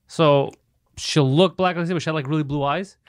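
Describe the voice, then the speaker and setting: A man's voice: a little high, normal speed, smooth, no room sound, clean studio sound. A young man co-hosting a casual comedy podcast, telling family stories with frequent laughter and casual swearing. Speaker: podcast co-host.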